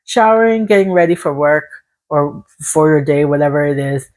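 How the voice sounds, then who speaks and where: A woman's voice: low voice, lively intonation, moderate pace, darkish tone. Encouraging woman giving a tarot reading. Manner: encouraging, speaks in long repetitive lists. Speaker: tarot reader. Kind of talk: casual spiritual tarot reading to viewers.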